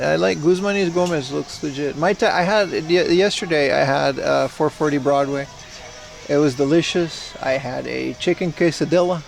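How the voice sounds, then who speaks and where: A man's voice: on the high side, gravelly. A man hosting a casual livestream while he browses a retro game shop and chats with viewers. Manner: chatty, browsing and reading chat aloud. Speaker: livestream host. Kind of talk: casual IRL livestream chat.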